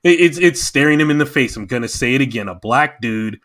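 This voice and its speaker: A man's voice: medium pitch, a little fast. A man in casual chat on a podcast, talking with passion and getting emotional as he reviews a show. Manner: impassioned, animated. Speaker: podcast guest.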